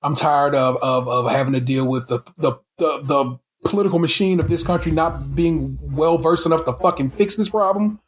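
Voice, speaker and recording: A man's voice: a little high, normal speed, hardly any pauses. A man hosting a casual podcast chat, ranting with heated, profane frustration and stumbling restarts. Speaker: podcast host.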